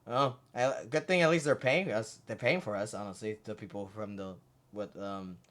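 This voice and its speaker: A let's play host giving casual gameplay commentary, excitable and swearing often. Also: medium pitch, moderate pace, a little hiss or hum.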